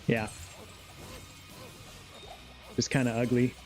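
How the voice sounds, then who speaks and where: A man's voice: mid-range voice, completely flat delivery, slow pace, darkish tone, faint music behind. A man streaming a game live, chatting casually in a laid-back, rambling way and reading chat aloud.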